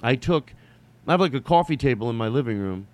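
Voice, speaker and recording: A man's voice: medium pitch, a little fast. Rambling man telling stories. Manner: rambling, animated storytelling with profanity. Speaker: podcast host. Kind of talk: casual solo monologue.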